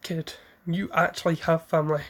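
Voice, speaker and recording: A man's voice: a little high, level tone, moderate pace, fairly bright tone. A man voicing a blunt teenage boy ninja who lectures in a scolding, matter-of-fact way.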